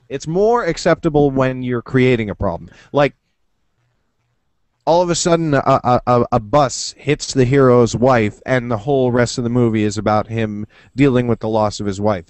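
An excitable man hosting a casual podcast, talking over a video call and swearing freely as he goes. His voice sits at a middle pitch and sounds close and dry, with no room around it. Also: no echo. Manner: excitable, swears freely, slips into quick impressions. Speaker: podcast host. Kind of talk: casual chat. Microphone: computer over a video call.

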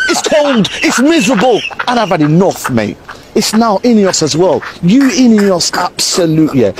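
A man's voice: high voice, noisy background. A man ranting outdoors as a football fan. He talks in exasperated bursts and uses a lot of slang. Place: outdoors in the rain.

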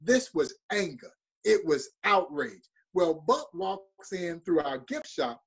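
A man's voice: fairly high pitch, very animated, slow pace, slightly rough. A middle-aged man, a museum president, telling an emotional story in an interview with earnest intensity. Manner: earnest, building to emotional peaks.

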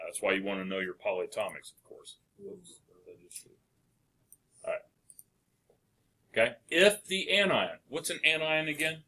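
A man teaching a chemistry lecture, asking the class questions and answering them with quick encouragement. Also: lowish voice, pushed and bright.

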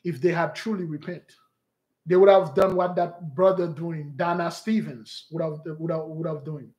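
A man's voice: fairly high pitch, fairly even intonation, moderate pace, darkish tone. A man hosting a livestream, talking in an emphatic, preachy way and repeating his points. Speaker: online show host. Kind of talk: livestream commentary.

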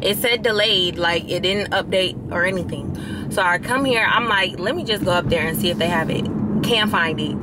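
A young woman vlogger speaks, chatting and venting freely to her viewers. Her voice sits mid-pitched and expressive, with a steady noise behind her from being out on the move. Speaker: lifestyle vlogger. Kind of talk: casual vlog talk to camera.

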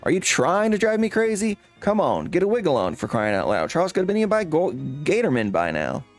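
A man voicing a panicky, bossy woman friend in a comedy game, raised high above his own voice and scolding in a frantic rush. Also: huge pitch swings, quick pace, creaky, soft background music, exaggerated voice.

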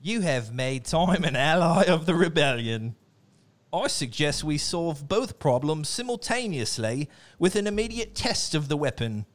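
A man's voice: on the high side, animated, extremely slow, hardly any pauses. A stern imperial officer growls out orders in an exaggerated mock accent, as a man reads the lines aloud. The delivery is theatrical and commanding, with a hammy edge. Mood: menacing. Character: stern menacing imperial officer, male, adult.

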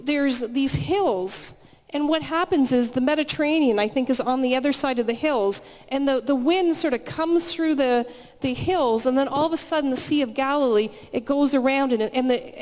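A woman's voice: high voice, darkish tone. A woman giving a conversational sermon at a church meeting, telling stories in a chatty way with frequent restarts. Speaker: guest speaker at church meeting. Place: church hall, live meeting. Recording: reverberant live church hall.

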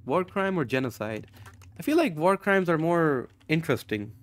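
A man's voice: on the high side, very animated, takes it slowly, long pauses, a little hiss or hum. A young man from Pakistan, chatting casually and rambling on a live stream while gaming, swearing and joking often. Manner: rambling, profane, jokey, laughs often.

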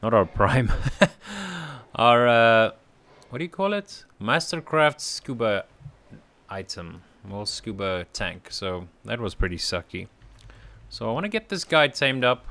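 A man's voice: mid-range voice, sing-song, slow, bright, forceful tone. A man hosting a casual let's-play, chatting to viewers and talking affectionately to his in-game creatures with small laughs. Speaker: gaming channel host.

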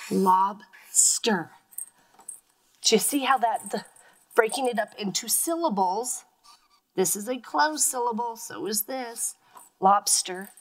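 A woman's voice: a little high, low-quality recording. A woman teacher giving a phonics lesson to young children, patiently sounding words out letter by letter.

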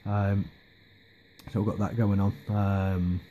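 Low, mellow man rambling. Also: little pitch movement, takes it slowly, slight background noise. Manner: hesitant, lots of ums and restarts. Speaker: miniature hobby vlogger. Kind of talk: casual rambling update.

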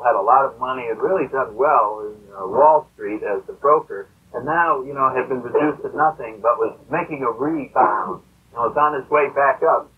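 Husky man on a tinny old tape. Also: mid-range voice. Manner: conversational, rambling, many fillers. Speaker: speaker at a recovery meeting. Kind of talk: storytelling talk to a meeting.

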